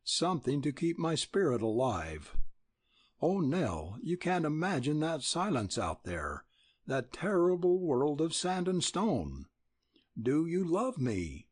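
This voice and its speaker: A man reading the part of an earnest young man saying goodbye, steady and pleading. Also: on the high side, takes it slowly, breathy edge, no echo, clean studio sound, voice pushed up, heavily acted.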